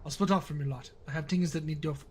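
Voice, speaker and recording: A man reading the lines of a gruff older male rebel leader in his own game, blunt and scolding. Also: a little high, fairly even intonation, fast talker, slight background noise, close to an everyday voice. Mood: firm.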